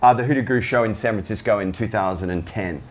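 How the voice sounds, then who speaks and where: A man's voice: on the low side, fast. A middle-aged Australian man, a guest telling stories with frequent laughs and eager restarts. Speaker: interview guest. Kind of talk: casual storytelling.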